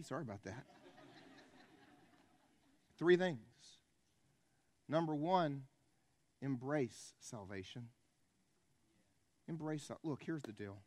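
A middle-aged man from the preaching a sermon, swinging from loud ranting to soft, low pleading. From American South. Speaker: pastor.

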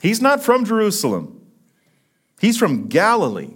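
Male pastor, dramatic sermon delivery, fairly high voice, very animated pitch. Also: unhurried, breathy edge. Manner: dramatic, swings from loud emphatic peaks to hushed low lines.

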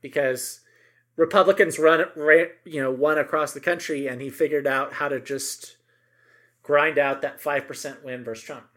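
A man's voice: a little high, steady tone, moderate pace, fairly bright tone. A middle-aged man co-hosting a podcast, chatting casually and emphatically about politics, with many asides and tag questions.

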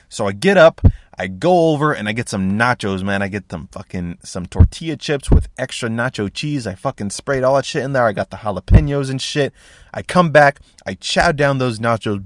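A young man hosting a podcast, telling a comic story in a loud, profane, animated way, with sound effects like boom and bang. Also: moderate pace, no room sound. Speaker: podcast host. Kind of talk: casual comedic storytelling.

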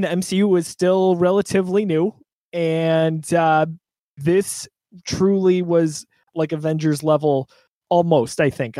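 A man's voice: sits high, a little mellow, no room sound. A man co-hosting a movie review podcast, chatting casually and laughing through asides. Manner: flustered, apologetic, laughing. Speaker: podcast co-host. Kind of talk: casual chat.

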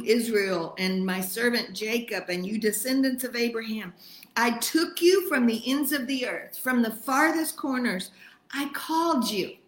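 A woman's voice: on the high side, a bit bright, reverberant, rough recording. Emphatic woman teaching Bible study. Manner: emphatic, encouraging, addresses listeners by name.

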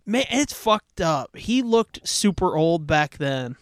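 A man's voice: fairly high pitch, sing-song, slow, clear, resonant tone, no room sound, clean studio sound. A man co-hosting a casual movie commentary, joking, swearing and laughing often. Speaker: podcast co-host.

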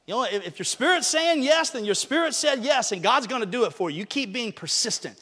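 A man preaching a lively sermon in church, acting out Bible stories in casual, slangy talk. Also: very high-pitched, brisk, long reverb tail. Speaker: pastor.

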